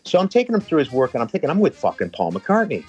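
A man telling a lively, swearing anecdote in a casual chat, talking fast. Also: fairly high pitch, husky, dull audio, faint music behind. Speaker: personal trainer telling a story.

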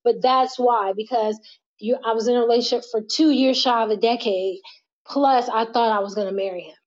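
A young woman talks candidly and casually as an interview guest, laughing easily and swearing without a second thought. Her voice sits a little high. The audio is dull and muffled. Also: steady tone, fairly quick. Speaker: guest, model and mother.

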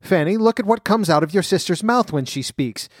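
Guy putting on a high scolding fairy-tale mom, greedy and shrill, dry close sound. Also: animated, a little fast, no echo. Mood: excited. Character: harsh, greedy mother of two girls.

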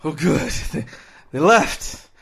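A man voicing a wounded frontier actor in a comedy sketch, speaking in a slow, strained, exaggerated way. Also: on the high side, lively intonation, creaky, background noise, heavily acted.

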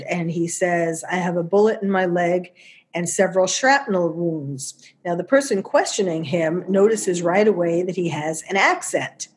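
New york lady rambling through commentary, lots of ums and restarts. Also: lowish voice. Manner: chatty, many fillers and restarts, laughs wryly. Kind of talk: casual spoken commentary.

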